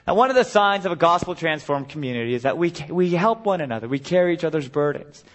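A man's voice: a little high, expressive, fast. A middle-aged man preaching a sermon as a guest speaker, earnest and building to impassioned cries.

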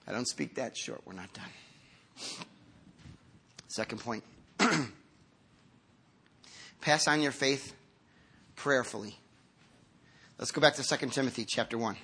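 A man in his fifties preaching a sermon to a congregation, earnest and conversational, moving from quiet, slow lines to emphatic ones. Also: medium pitch, slight background noise. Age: 50s. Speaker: pastor.

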